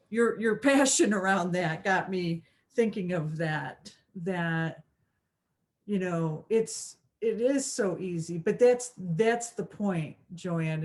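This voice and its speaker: A woman's voice: lowish voice, darkish tone. Rambling woman co-hosting a spiritual chat. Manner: rambling, many fillers and restarts. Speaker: co-host of a spirituality show. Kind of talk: casual chat.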